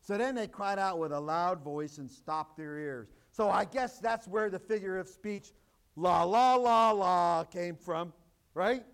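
High-voiced man preaching a dramatic sermon. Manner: dramatic, quotes scripture in acted voices. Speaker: pastor.

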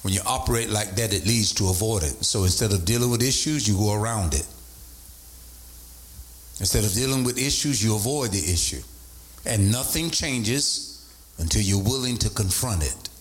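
A man preaching a sermon as bishop, repeating points and rising into sing-song emphasis. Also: moderate pace. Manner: animated, swoops from low to high pitch, sing-song emphasis.

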